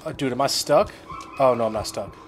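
Soft background music accompanies a young male gaming host playing a horror game. He talks briskly in a mid-range voice, casual and jumpy, exclaiming frequently as he chatters through the let's-play.

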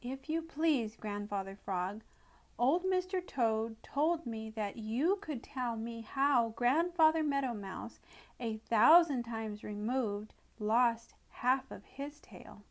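A woman reads a tiny, polite male meadow mouse in a storybook. He speaks high and breathless with eager, pleading politeness, and his lines come out slow and drawn out. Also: expressive.

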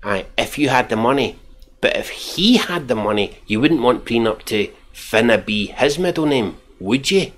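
A man's voice: mid-range voice, lively intonation, moderate pace. A Scottish man giving mocking, profane reaction commentary while reading out tweets. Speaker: commentary channel host.

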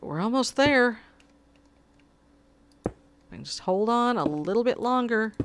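A woman's voice: fairly high pitch, lively intonation, measured pace, slight background noise. A woman giving casual gameplay commentary, muttering to herself and pleading with her cat at her desk. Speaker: gamer.

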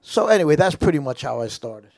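Older man, chuckling animated storyteller. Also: fairly high pitch. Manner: animated, laughing storyteller, halting restarts. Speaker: interview guest, musician. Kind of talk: casual storytelling interview.

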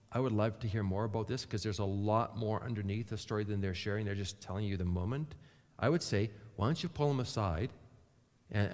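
A man speaking as a pastor to his congregation in a relaxed, chatty way with frequent restarts. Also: lowish voice. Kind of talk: church service talk. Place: church sanctuary. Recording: long hall reverb.

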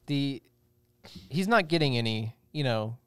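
A man's voice: mid-range voice, animated, unhurried, smooth, no echo. A young man co-hosting a casual podcast, rambling and joking with many restarts. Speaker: podcast co-host. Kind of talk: casual chat.

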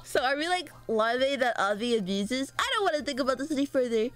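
A woman's voice: high voice, expressive, fast talker, fairly bright tone, faint music behind. A young woman streamer chatting casually and giggling with her viewers. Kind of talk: casual livestream chat.

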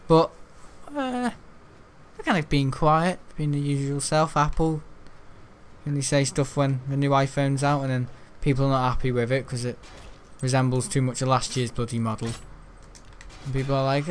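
A man's voice: a little high, slight background noise. A man giving casual, rambling gameplay commentary, joking and laughing often. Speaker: gaming channel host.

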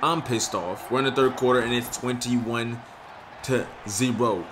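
A young man giving casual, slangy commentary on his own video game play, excitable and frustrated. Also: mid-range voice, a little slow, background noise. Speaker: gaming YouTuber.

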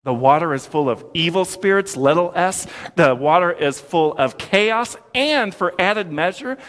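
Man in his forties, pastor's sermon, slightly high voice, playful storytelling, long church reverb. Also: a little slow. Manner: playful, pop-culture asides, animated storytelling. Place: church sanctuary.

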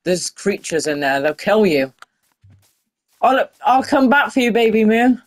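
A woman giving casual, excitable commentary while playing a game and talking to the animals in it. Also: mid-range voice, unhurried. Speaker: gaming video creator.

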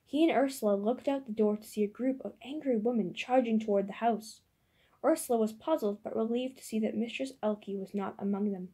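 A woman reading a novel aloud as an audiobook narrator, in a steady, measured way. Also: a little high, husky.

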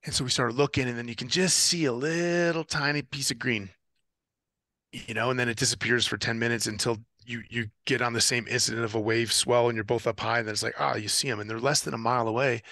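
Adult man, gravelly and bright. Animated podcast guest recounting sea adventures. Dry recording. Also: medium pitch, quick pace, no room sound. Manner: animated storyteller, acts out radio calls. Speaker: guest, ocean rower and former Marine officer. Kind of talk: casual storytelling interview.

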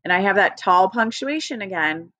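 A woman's voice: medium pitch, expressive, normal speed, pushed and bright, no echo. A woman teacher leading a recorded early-grade phonics lesson, patient and encouraging, spelling out letters one by one. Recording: dry, dull lo-fi home recording.

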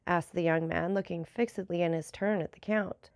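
Woman narrating, gravelly and dry. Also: on the low side, moderate pace, few pauses, a little mellow, no room sound. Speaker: audiobook narrator. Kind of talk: scripted narration of a classic novel.

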